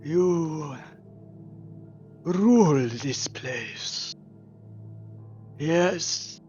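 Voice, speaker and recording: A man voicing an ancient mummified male herald who makes slow, grandiose proclamations. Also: fairly high pitch, expressive, a little mellow, faint music behind. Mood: imperious. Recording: dull lo-fi recording.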